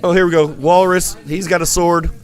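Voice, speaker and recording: A man's voice: high-pitched, steady tone, normal speed, faint music behind. Joking male esports commentator. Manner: rambling, playful asides. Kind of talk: joking live game commentary.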